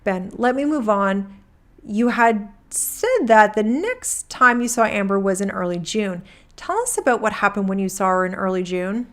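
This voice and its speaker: A woman reading a court transcript aloud, voicing a male attorney who asks the witness measured questions. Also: medium pitch, expressive, natural voice.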